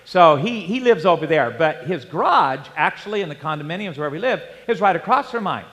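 A man's voice: fairly high pitch, lively intonation, brisk, a bit bright, big-room sound. A man preaching a sermon, telling a personal story in a conversational way and acting out the dialogue. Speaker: pastor.

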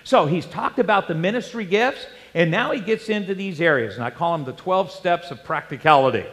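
A man's voice: sits high, expressive, a little fast, fairly bright tone, in a large hall. A man preaching a sermon, telling a personal story in a conversational way and acting out the dialogue. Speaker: pastor.

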